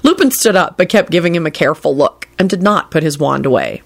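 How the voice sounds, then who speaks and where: Storybook reader, expressive narration, lively rises and falls, gravelly fry. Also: mid-range voice, fast talker. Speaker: audiobook reader. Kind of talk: fan fiction audiobook narration.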